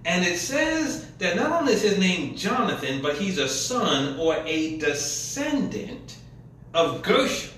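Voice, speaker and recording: A man's voice: high-pitched, big pitch swings, measured pace, a bit bright, slight background noise. A man preaching a sermon, retelling scripture in casual, colloquial paraphrase, recorded in a church. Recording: echoey room from a distance.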